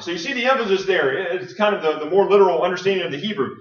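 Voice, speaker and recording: High-voiced preacher in an echoey church. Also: male voice, very animated, quick pace, hardly any pauses, a bit bright. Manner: earnest, with frequent fillers and restarts, reading scripture aloud. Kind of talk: sermon. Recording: muffled, roomy, distant mic.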